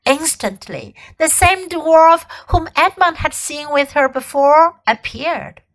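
Woman, high voice, slow storybook reading, teacher. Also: expressive, fairly bright tone, poor audio. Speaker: English teacher.

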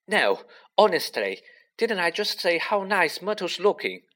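A man's voice: sits high, sing-song, fairly bright tone, pitched above the performer's own voice, full character voice. A man doing an anxious teenage schoolgirl. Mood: falsely bright. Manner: quick, anxious and eager to please.

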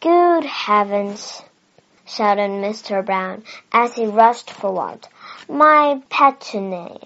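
A woman's voice: medium pitch, animated, takes it slowly, a bit bright. A woman with a Chinese first language reading aloud as a flustered middle-aged father who keeps exclaiming in alarm. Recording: dull lo-fi recording.

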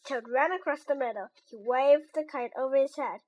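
A woman reading a children's storybook aloud in a slow, clear and deliberate way. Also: high voice, a little mellow.

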